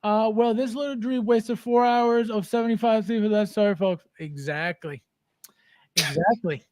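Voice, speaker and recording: A man's voice: high-pitched, a little slow, a little mellow, no room sound. A man hosting a livestream, reading viewer comments aloud and answering them in a defiant, repetitive way. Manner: defiant, repeats phrases, talks back to chat. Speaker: livestream host.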